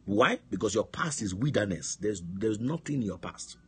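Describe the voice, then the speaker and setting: A man preaching with fervor, his voice deeply husky and raspy. He leans on phrases and throws questions back to his listeners, the way a pastor drives home a point. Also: animated, moderate pace. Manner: emphatic preaching with call-and-response questions. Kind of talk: sermon on a prayer line. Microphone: phone line.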